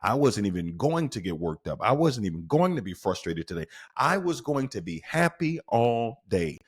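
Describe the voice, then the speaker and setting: A man with a lowish voice talks through a motivational podcast episode, his pitch swinging widely as he leans on key words. He keeps putting questions straight to the listener. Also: very animated, normal speed, breathy edge. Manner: emphatic, with rhetorical questions to the listener. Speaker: podcast host.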